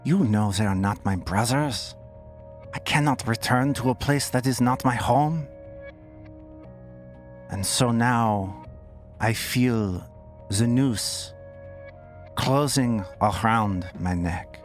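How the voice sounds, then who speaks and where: A man voicing an anxious young woman cultist who speaks in a thick, precise accent, with halting, formal phrasing. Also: mid-range voice, soft background music, close to an everyday voice. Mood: earnest.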